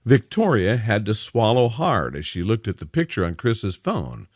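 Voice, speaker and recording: A man's voice: lowish voice, big pitch swings, normal speed, no echo, clean studio sound. A man narrating a scripted dramatic story.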